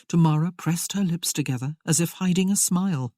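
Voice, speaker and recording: A woman reading a period romance aloud as narrator, in an unhurried, expressive storytelling manner. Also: lowish voice, no room sound, clean studio sound. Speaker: audiobook narrator. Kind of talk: scripted narration.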